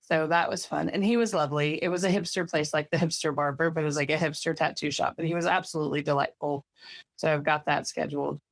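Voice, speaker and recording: A woman's voice: sits low, steady tone, fast, dry recording. A woman co-hosting a podcast in casual chat, telling long rambling stories, peppered with "like" and casual swearing. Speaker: podcast co-host.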